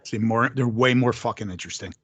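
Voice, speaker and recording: A man's voice: mid-range voice, fast, fairly bright tone, no echo. A man co-hosting a casual podcast, speaking bluntly and swearing freely. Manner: blunt and profane. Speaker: podcast co-host.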